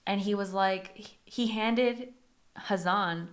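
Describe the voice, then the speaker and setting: A woman's voice: mid-range voice, takes it slowly. A woman co-hosting a book podcast, retelling scenes in casual chat and acting out the characters' lines. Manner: animated, acts out characters' lines while retelling.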